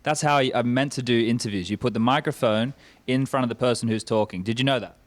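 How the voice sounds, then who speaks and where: A man's voice: medium pitch, fast talker. Joking male esports interviewer. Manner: joking, teasing, playful. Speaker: host. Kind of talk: casual lobby interviews.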